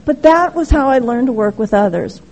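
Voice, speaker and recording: A middle-aged woman speaking at a recovery meeting, telling her story candidly and haltingly, with many restarts. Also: a little high, expressive, noisy background. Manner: halting, frequent restarts and "you know", candid. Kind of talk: personal recovery share, casual storytelling.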